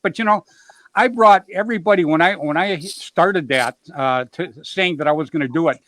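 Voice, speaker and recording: Chatty middle-aged man, slightly high voice. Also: moderate pace, a bit bright, dry recording. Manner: rambling, peppered with "you know"; upbeat, jokes about himself. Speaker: show host. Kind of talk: casual storytelling chat.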